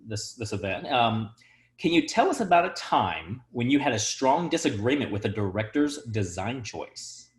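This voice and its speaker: A man's voice: medium pitch, big pitch swings, moderate pace, echoey room. A man hosting an interview, asking questions in a hesitant way with many fillers. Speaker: host, theatre program director. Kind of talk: casual interview.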